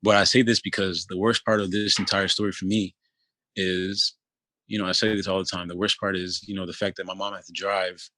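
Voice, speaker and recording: Low, flat-voiced man telling his story. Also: no echo. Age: 30s. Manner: halting, loose, full of restarts and "you know". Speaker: interview guest. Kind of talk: telling a personal story in conversation.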